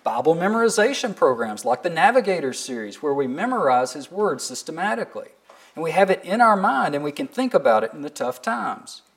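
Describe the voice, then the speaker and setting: A man preaching a sermon in a fairly high voice that swoops up and down with feeling. He keeps putting earnest, searching questions to his listeners. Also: big pitch swings, a little fast. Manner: reads scripture aloud with emphasis.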